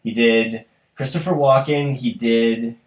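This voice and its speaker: A man co-hosting a podcast, chatting casually and animatedly, quick to laugh loudly. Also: mid-range voice, fairly even intonation. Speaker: podcast co-host. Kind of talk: casual chat. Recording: echoey room with faint noise.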